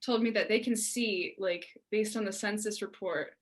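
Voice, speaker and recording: A woman's voice: medium pitch, normal speed, slight background noise. A young woman from Pittsburgh co-hosting a casual podcast, telling stories with acted-out quotes. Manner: animated storytelling with acted-out quotes and laughs. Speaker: podcast co-host. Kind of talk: casual chat.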